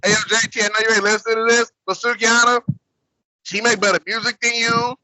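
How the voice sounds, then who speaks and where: A man with a high, very bright and forceful voice runs loose, crude podcast banter, piling joke on joke. The sound is dry and close, with no room around it. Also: flat delivery, fast talker, no room sound, low-quality recording. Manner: loud, crude, riffing jokes. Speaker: podcast co-host. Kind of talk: casual chat.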